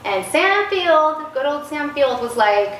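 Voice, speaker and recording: A woman's voice: high voice, big pitch swings, slow, fairly bright tone. A woman guest in a casual interview, telling stories animatedly and acting out the quoted dialogue. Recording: roomy, distant mic, faint noise.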